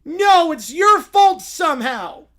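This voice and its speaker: A small, boastful male bear cub whines and cries out in high, over-the-top complaints, as a man acts him out. His voice swings wide and lively. The bear is a sore loser in a silly storybook fight. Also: slow, heavily acted. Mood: whiny boastful. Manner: whiny, dramatic shouting.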